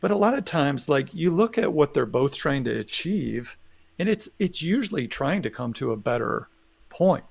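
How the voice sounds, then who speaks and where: A man's voice: a little high, sing-song, moderate pace, gravelly, a little mellow. A man co-hosting a live talk show, speaking thoughtfully and often checking in with "right?". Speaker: podcast co-host. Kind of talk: casual live discussion.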